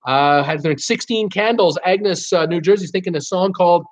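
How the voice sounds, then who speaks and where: A man's voice: high voice, moderate pace, few pauses. A man hosting a live trivia stream, reading out viewers' guesses with many fillers and half-singing song titles. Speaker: live trivia show host. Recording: dull lo-fi stream audio.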